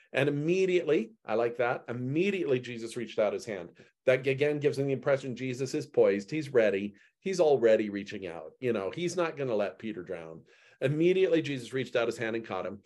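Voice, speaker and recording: A man leading a Bible study group in an animated way, reading a passage and explaining it. He acts out the quoted lines with sudden jumps in pitch. His voice sits in a middle register. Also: brisk.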